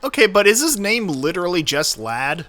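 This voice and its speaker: A man's voice: high-pitched, sing-song, normal speed, noisy background. A man streaming a cartoon watch-along, laughing and swearing as he reacts. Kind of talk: live watch-along commentary. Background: cartoon soundtrack.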